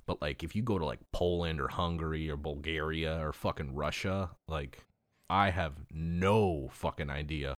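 A man with a very low voice tells travel stories in loose, profane casual chat. He rambles, laughs often, and sounds dry and close to the mic. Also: steady tone, moderate pace, no echo. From Los Angeles.

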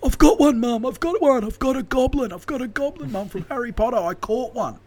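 An Australian man voicing an overexcited grown son who insists he has caught a goblin, in a high, breathless, childlike voice. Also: expressive, a little fast, darkish tone, heavily acted. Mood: excited. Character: excitable grown man boasting of catching a goblin.

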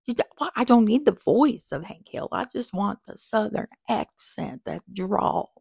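Creaky-voiced woman hosting a chatty podcast. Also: mid-range voice, big pitch swings, normal speed, dark tone, no echo, studio quality. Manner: chatty and rambling, with many fillers and asides. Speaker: podcast host. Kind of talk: casual podcast chat. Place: small crowded office. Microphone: small microphone.

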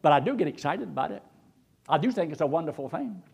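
Animated preacher man. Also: fairly high pitch, fast talker, vocal fry, slightly rough. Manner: animated, swooping preacher cadence with sudden loud rises. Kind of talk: sermon.

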